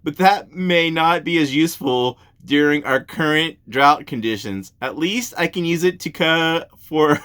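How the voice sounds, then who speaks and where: A man's voice: on the high side, lively intonation, normal speed, hardly any pauses, fairly bright tone. A man hosting a casual comic show, reading reviews aloud, often breaking into laughter and wandering onto tangents.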